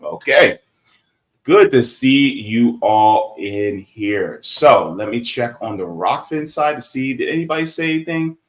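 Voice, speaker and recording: A man hosting a casual livestream, reading viewer comments aloud and chatting, growing loud and animated when heated. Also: mid-range voice, a little slow. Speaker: livestream host.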